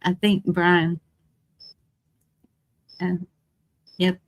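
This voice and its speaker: Very slow-talking giggly woman. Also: lowish voice, level tone, no echo. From San Antonio, Texas. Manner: giggly, laughs often. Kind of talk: casual live-stream chat.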